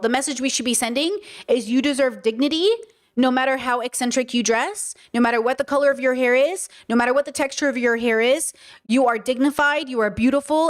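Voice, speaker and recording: Woman host, livestream commentary, fairly high voice, heated and profane delivery. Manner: blunt, swears, rants heatedly; answers chat questions aloud. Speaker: streamer and podcast host.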